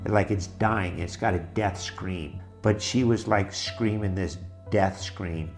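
A middle-aged man with a low, gravelly voice tells a personal story, halting and restarting as the memories hit him. Music plays clearly behind him. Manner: halting, restarts, emotional retelling. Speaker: guest telling his life story. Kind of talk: personal testimony.

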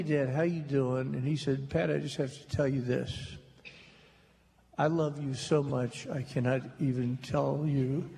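An older man telling stories slowly and jokingly to a live audience in a hall. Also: on the high side, gravelly, dark tone. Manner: slow, drawling, joking storyteller. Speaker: author on a talk stage. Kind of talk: storytelling at a public talk. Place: large hall before an audience. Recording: reverberant hall with faint noise.

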